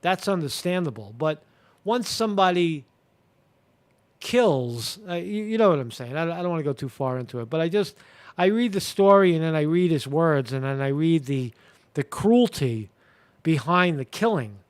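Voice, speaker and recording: A man's voice: fairly high pitch, animated, normal speed. A man hosting a live commentary show, talking casually with many fillers, restarts and crude language. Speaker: show host.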